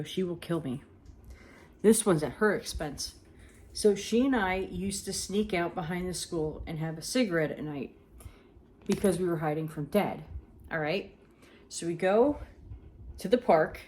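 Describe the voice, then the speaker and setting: A woman, telling funny personal stories in an animated, chatty, self-mocking way. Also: lowish voice. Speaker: storyteller. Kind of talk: casual storytelling.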